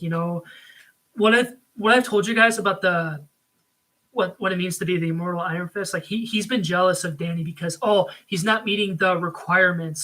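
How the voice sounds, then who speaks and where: Rambling man with a bright voice. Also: high voice, low-quality recording. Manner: rambling, frequent ums and likes. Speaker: video reviewer. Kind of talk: casual spoken review.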